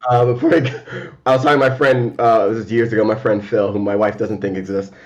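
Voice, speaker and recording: A man's voice: lowish voice, brisk, dull audio. A young man guesting on a casual chat, telling stories with laughter, stammers and voices for the people in them. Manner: lively storyteller, laughs, stammers, does voices.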